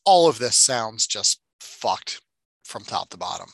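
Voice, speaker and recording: A man's voice: fairly low pitch, sing-song, unhurried, gravelly, no room sound. A man co-hosting a casual movie-review podcast, swearing freely and mocking the film with sarcasm. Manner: profane, sarcastic, acts out movie lines. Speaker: podcast co-host.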